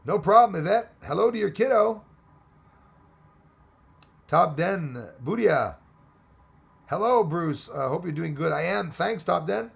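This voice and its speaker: A Texan-twanged man hosts a casual livestream, reading viewer comments one after another in a high-pitched voice with a gravelly fry. He talks a little slowly with long pauses, chatty and rambling, with excitable turns.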